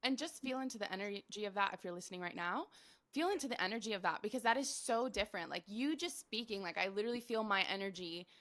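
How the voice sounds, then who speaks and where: A woman hosting a podcast, chatting casually in a gushing, excited way with lots of "like". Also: mid-range voice, fast talker, dry recording. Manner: gushing, excited, says "like" often.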